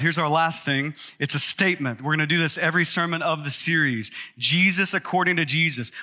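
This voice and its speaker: A man, a pastor, preaching a sermon with emphatic rises to loud peaks. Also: on the high side.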